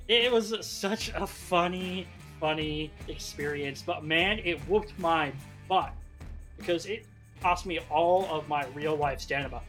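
Animated man telling a story. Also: high voice. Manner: animated storyteller, acts out his own lines. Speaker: podcast co-host and modder. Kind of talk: casual podcast chat.

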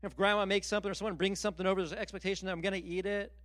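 High-voiced man preaching a sermon. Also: rapid-fire, no echo. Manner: animated, repetitive emphasis with stammered restarts. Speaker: pastor.

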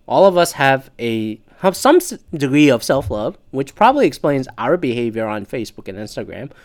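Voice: medium pitch, big pitch swings, normal speed. A podcast host reading an article aloud and breaking off into sarcastic, profane asides in casual commentary. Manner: profane, sarcastic asides between read passages.

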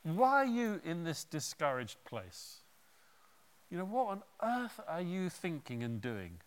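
A man voicing God asking probing, gently challenging questions, within a sermon. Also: a little high, wildly swooping pitch, unhurried. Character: questioning God, a male divine voice.

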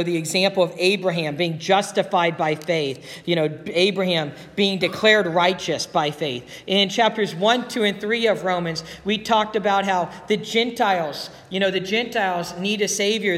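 A pastor delivers a sermon to his church, his voice sitting high for a man. He drives his points home with emphatic, rising exclamations. The sound carries the long reverb of a large hall. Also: a bit bright.

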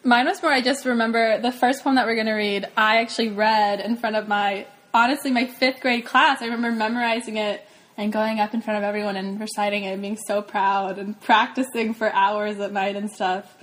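A woman's voice: mid-range voice, steady tone, fairly quick, a bit bright. A young woman co-hosting a podcast, chatting playfully and giggling often. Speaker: podcast co-host. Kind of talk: casual podcast chat.

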